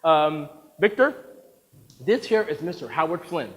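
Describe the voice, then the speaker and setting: A man voicing an eager, fussy film director who rushes through introductions with hesitant fillers, in a reverberant space. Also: fairly high pitch, sing-song, fairly bright tone.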